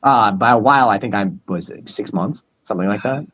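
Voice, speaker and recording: A man's voice: on the low side, fairly quick, a bit bright, low-quality recording. A man co-hosting a casual podcast, rambling with many fillers and frequent laughs. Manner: rambling, lots of "like" and "you know", laughs often. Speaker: podcast co-host, doctor.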